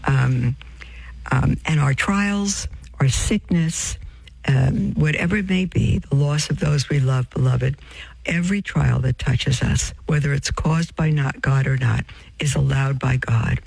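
A man's voice: mid-range voice, unhurried, gravelly, darkish tone, slightly rough, no room sound, poor audio. A man preaching, reading from a religious text and breaking off into asides to his listeners, whom he calls beloved. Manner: addresses listeners as beloved, reads with off-script asides and self-corrections.

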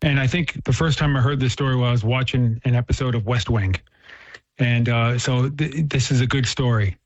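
A man's voice: mid-range voice, normal speed, dry recording. Earnest man telling a faith story. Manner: earnest, storytelling, frequent restarts. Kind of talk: casual conversational talk. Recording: dull, dry lo-fi recording.

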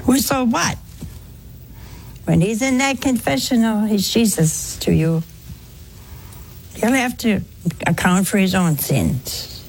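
A woman's voice: mid-range voice, animated, takes it slowly, creaky, pauses often, slight background noise. A woman giving a spoken sermon to a congregation in a folksy way, full of rhetorical questions and anecdotes. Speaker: religious speaker.

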